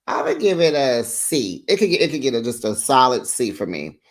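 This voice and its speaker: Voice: big pitch swings, fairly quick. A host casually recapping a reality TV episode for viewers, opinionated and chatty, talking straight to the audience. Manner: chatty and opinionated, big playful jumps in pitch; talks straight to viewers as "besties".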